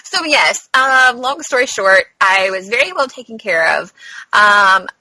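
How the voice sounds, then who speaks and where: A bright-voiced woman co-hosting a casual podcast, telling a story at an easy pace. She acts out what others said with sudden jumps up in pitch and swears freely. Close, dry sound. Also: lively intonation, measured pace, no room sound, poor audio. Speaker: podcast co-host. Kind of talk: casual chat.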